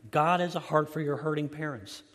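A man preaching a sermon, earnest, slowing down and softening his voice to stress key lines. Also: fairly high pitch, fairly even intonation, big-room sound. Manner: earnest, slows and softens for emphasis. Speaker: pastor.

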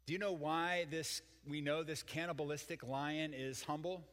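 Older pastor cracking jokes in a sermon, kinda high voice, chatty. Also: male voice, steady tone, normal speed, fairly bright tone, long reverb tail. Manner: folksy, joking, chatty with the congregation.

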